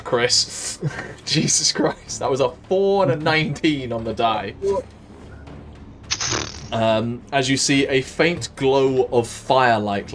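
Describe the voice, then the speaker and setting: A man's voice: medium pitch, a little hiss or hum. Welsh man running a tabletop game. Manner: descriptive, hesitant with ums. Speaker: dungeon master.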